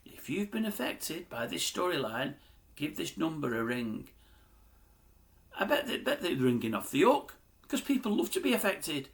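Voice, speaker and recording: Older man, blunt grumbling monologue, lively up-and-down delivery. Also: medium pitch. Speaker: YouTube commentator. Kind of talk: opinionated rant to camera.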